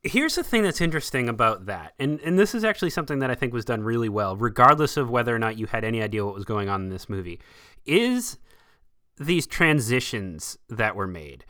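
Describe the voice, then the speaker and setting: A man hosting a casual film review podcast, talking in an animated, enthusiastic way. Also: medium pitch, fairly quick. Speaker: podcast host.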